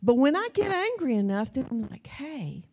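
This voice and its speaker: Woman preaching a lively, conversational sermon. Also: sits high, fairly quick, dull audio. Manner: storytelling, conversational, rising to emphatic repetition.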